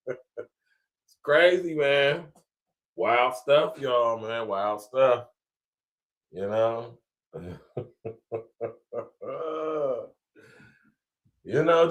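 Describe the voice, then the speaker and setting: A man with a Columbus, Ohio accent hosting a podcast, talking in a casual, laid-back way to his viewers and chuckling often. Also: mid-range voice. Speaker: podcast host. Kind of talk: casual commentary to a live audience.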